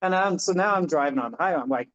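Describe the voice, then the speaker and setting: A man's voice: on the high side, animated, racing, fairly bright tone. Chatty man giving a dharma talk, dull sound. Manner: chatty storytelling, many fillers and restarts. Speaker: Buddhist minister.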